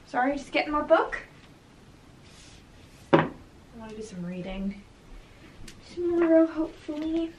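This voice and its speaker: A woman's voice: sits high, big pitch swings, unhurried, long pauses, background noise. A young woman from Canada chatting casually through a day-in-the-life vlog at home, bubbly and laughing often. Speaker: vlogger. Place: home, indoors.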